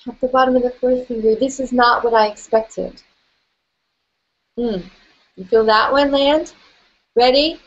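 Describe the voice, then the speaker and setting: In a steady, somewhat high voice, a woman takes her listeners through a guided tapping session at a leisurely pace. She's gentle and playful, laughing often, over slightly lo-fi, dull-sounding audio.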